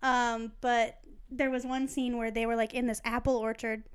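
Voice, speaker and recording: A woman's voice: on the high side, level tone, moderate pace, clean tone. A woman co-hosting a podcast, telling a rambling story with frequent giggles in casual chat. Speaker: podcast co-host.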